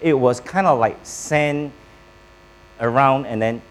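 A male pastor delivering a sermon at an unhurried, measured pace, breaking his thoughts into short phrases. He asks his listeners questions and prompts them to answer. A faint electrical hum sits under the voice. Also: mid-range voice, rough recording. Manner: preaching with pauses, quizzing the congregation.

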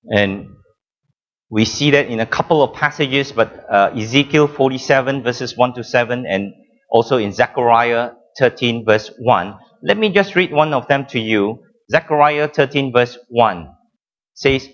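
A man preaching a sermon with emphatic, drawn-out phrasing, dramatic pauses and frequent repetitions. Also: mid-range voice, lo-fi sound.

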